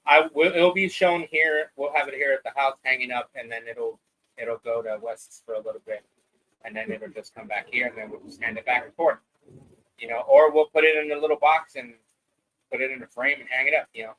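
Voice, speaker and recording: A man's voice: medium pitch, steady tone, a little fast, a bit bright, poor audio. A man hosting a live podcast, talking in a loose, rambling, profane way. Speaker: podcast host. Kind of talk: casual live-stream chat.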